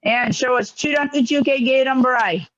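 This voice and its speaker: A man teaching a karate class online, giving brisk, encouraging commands. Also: very high-pitched, a bit bright. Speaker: karate instructor. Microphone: video call. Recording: lo-fi video call audio.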